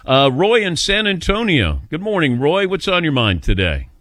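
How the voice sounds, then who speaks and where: Lively, animated male radio host. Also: a little high, moderate pace, no echo, clean studio sound. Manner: animated anecdote-telling, mimics voices in quotes. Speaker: radio sports talk host. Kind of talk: casual radio storytelling.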